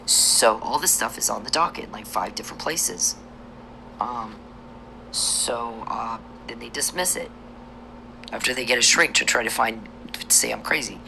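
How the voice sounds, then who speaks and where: Woman vlogger, angry profane rant, gravelly and sharp, slips into whispers. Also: a bass voice, normal speed, slight background noise, poor audio. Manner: profane, accusatory ranting that drops to a hushed whisper. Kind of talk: angry monologue to camera.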